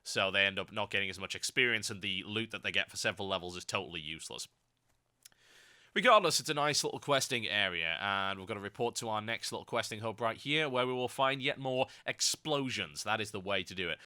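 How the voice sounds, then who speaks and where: A hoarse man with a cold, slightly nasal, talking through gameplay commentary. His voice is very bright and cutting, and he drifts into sarcastic little rants. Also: on the low side, lively intonation, brisk. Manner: ranty, sarcastic asides. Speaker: game commentator.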